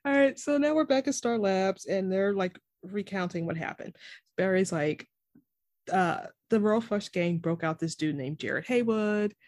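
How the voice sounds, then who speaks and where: A woman co-hosting a casual TV recap chat, animated and quick to act out characters' lines. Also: medium pitch, dry recording, studio quality. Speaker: podcast co-host.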